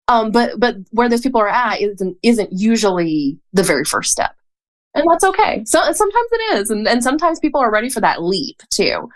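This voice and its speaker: Guest, female, Southern US accent, calm and thoughtful, dry wit, casual chat. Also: a little high. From North Carolina, US. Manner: measured and thoughtful, with a dry humor. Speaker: podcast guest, photographer.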